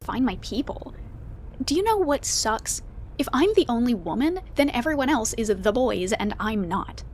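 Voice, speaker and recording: A woman's voice: fairly high pitch, big pitch swings, normal speed, slight background noise. An actress playing a restless, unsure young woman, speaking hesitantly. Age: young adult. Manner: hesitant, self-doubting.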